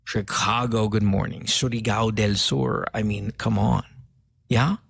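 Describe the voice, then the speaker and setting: A man hosting a morning radio show, loose and joking as he reads listener shout-outs and banters with co-hosts. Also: lowish voice, steady tone, measured pace, creaky, breathy edge, dry recording, studio quality. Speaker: radio host. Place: radio studio.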